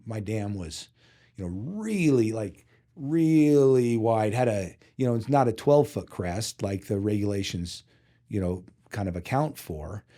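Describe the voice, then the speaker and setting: A man's voice: lowish voice, lively intonation, unhurried, mellow. A man being interviewed on a podcast, telling a long personal story in a casual way, acting out the dialogue with lots of fillers. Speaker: podcast guest, physical therapy company CEO.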